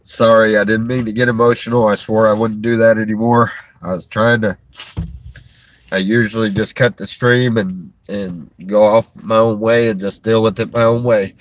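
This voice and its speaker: A man speaks to his stream viewers in a somewhat low voice, halting and strained. He restarts his sentences and sighs between them. He is sitting in a vehicle in a store parking lot. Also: fairly even intonation. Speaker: livestreamer. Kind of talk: emotional livestream talk to viewers.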